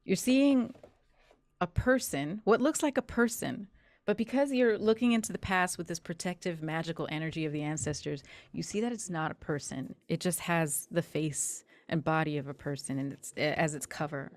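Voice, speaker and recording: A woman narrating a horror tabletop game as game master, deliberate and descriptive. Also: low-pitched, dry recording.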